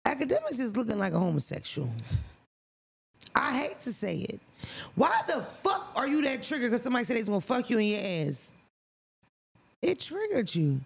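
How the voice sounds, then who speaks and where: A man co-hosting a casual podcast chat, with a gravelly edge that keeps slipping into fry. He tells stories bluntly and profanely, with animated emphasis. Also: extremely high pitch. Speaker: podcast co-host.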